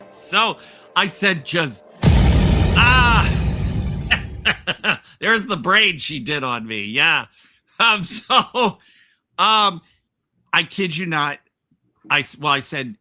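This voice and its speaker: A man's voice: fairly high pitch, big pitch swings, drawn-out words, long pauses, bright, forceful tone, soft background music. A man hosting a podcast, telling a rambling workplace anecdote in casual chat with frequent laughs and restarts. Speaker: podcast host.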